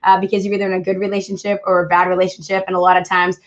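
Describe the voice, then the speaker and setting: A woman's voice: fairly low pitch, completely flat delivery, racing, highs cut off. A woman from Boston with a Boston accent hosting a podcast, chatting casually with a lot of fillers. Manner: chatty, many fillers, friendly. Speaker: podcast host. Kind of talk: casual chat and solo talk.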